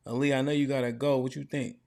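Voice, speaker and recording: A man's voice: medium pitch, little pitch movement, quick pace, creaky, a little mellow. A man hosting a livestream panel, reading donor messages aloud in a casual, slangy way. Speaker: host reading superchats.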